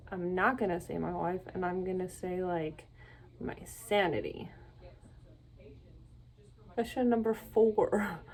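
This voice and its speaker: A woman's voice: medium pitch, warm tone. A young adult woman from Canada talking to camera in a casual solo vlog, rambling and self-deprecating, laughing often. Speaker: vlogger.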